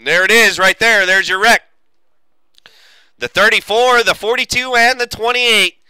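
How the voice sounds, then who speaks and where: A man commentating a sim racing league, excitable with crude asides. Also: sits high, a little slow, clean tone, no echo, rough recording. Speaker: race commentator.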